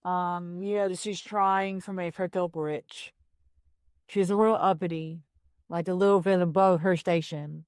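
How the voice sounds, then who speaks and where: A woman's voice: lowish voice, fairly even intonation, measured pace, darkish tone, clean tone, no echo, studio quality. Woman running a tabletop horror game. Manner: casual, answers players' questions. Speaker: game master.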